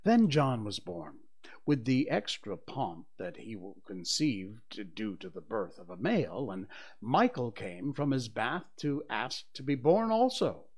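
Slow, expressive male storyteller. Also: mid-range voice, husky. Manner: expressive, unhurried reading. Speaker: audiobook narrator. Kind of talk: storybook narration.

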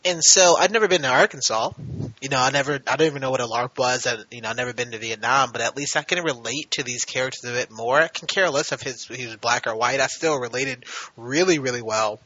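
Animated man on a podcast. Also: medium pitch, fast, no echo, lo-fi sound. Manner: animated, rising to excited bursts when retelling scenes. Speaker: podcast co-host. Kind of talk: casual podcast chat.

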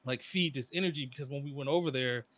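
A young man chatting casually as a podcast co-host, rambling through stories with slang and sudden animated bursts. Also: mid-range voice, quick pace. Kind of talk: casual chat.

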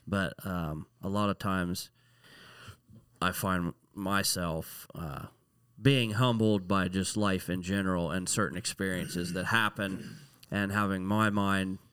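A man talks casually as a podcast guest. He pauses often and fills gaps with "uh" and "you know" as he thinks aloud. His voice sits a little low but comes across bright and forward, recorded dry and close. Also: fairly even intonation, clean tone, no room sound. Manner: reflective, halting with many fillers.

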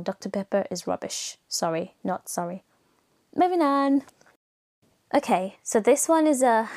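A woman's voice: mid-range voice, a little mellow. A young woman from Nigeria hosting a solo podcast, talking in a chatty, rambling way full of fillers and self-corrections. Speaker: podcast host. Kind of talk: casual solo podcast monologue.

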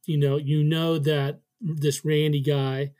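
A man appearing as a guest on a film podcast, speaking thoughtfully with halting phrasing. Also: a little high, level tone, warm tone, no room sound. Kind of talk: casual film discussion.

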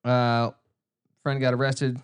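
A man co-hosting a casual sports podcast, telling stories in an animated way and swearing freely. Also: medium pitch, slow pace, clear, resonant tone, no echo. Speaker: podcast co-host.

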